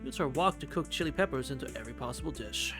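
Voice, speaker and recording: A man's voice: mid-range voice, animated, fast. A man live-streaming a game, reading its text aloud and chatting, swearing freely. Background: game music.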